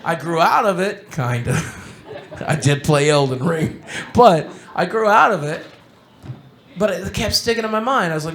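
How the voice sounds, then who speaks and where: A man's voice: fairly high pitch, big pitch swings, normal speed, fairly bright tone. A middle-aged man speaking on a convention panel, telling candid, rambling stories with joking asides to a live audience. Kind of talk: storytelling talk to a live audience. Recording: echoey hall, faint background noise.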